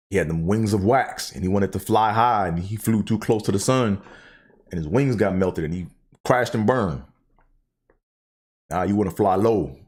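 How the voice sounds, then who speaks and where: A man's voice: low voice, a little mellow, slightly rough. A man hosting his own show, telling stories in a casual, profane, joking monologue. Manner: profane, laughing storyteller. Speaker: host.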